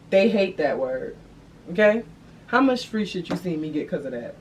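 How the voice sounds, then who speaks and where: A young adult woman hosting a vlog, talking in an animated, profane, slangy way. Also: on the low side, normal speed. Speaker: vlog host. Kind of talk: casual chat to camera. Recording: distant mic, faint background noise.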